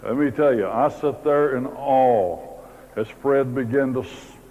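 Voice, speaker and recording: A man's voice: mid-range voice, measured pace, mellow. A man giving a folksy motivational talk to a convention audience, telling humorous anecdotes. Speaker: speaker at a business convention. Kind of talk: motivational speech with storytelling. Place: large auditorium. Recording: phone-like audio in a reverberant hall.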